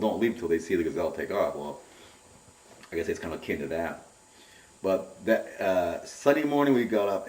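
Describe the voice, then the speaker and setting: A middle-aged man giving a rambling, animated personal account in an interview, often repeating his words. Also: sits low. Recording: roomy and distant from the mic.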